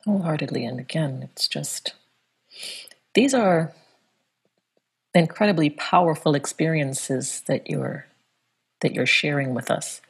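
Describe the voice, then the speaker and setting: Low, breathy-voiced woman interviewer. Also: a little slow, pauses often. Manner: warmly affirming, grateful.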